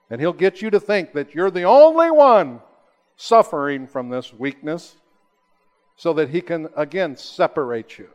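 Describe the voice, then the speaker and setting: A man preaching a sermon, rising to emphatic high peaks and then dropping to slow, hushed, low lines. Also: sing-song. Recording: long hall reverb.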